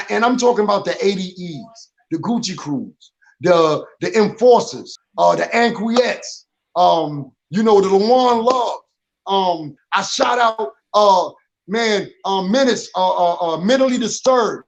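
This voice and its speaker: A man's voice: high-pitched, lively intonation, unhurried, vocal fry, poor audio. A man, a rapper and producer, talking as a guest in a casual interview, emphatic, using street slang and stacking repeated words when he gets going.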